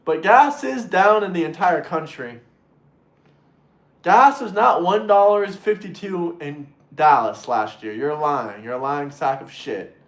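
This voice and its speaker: A man hosting a political livestream, ranting in a mocking, crude, sarcastic way and mimicking opponents in shrill voices. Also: a little slow, roomy sound. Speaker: livestream host reading super chats.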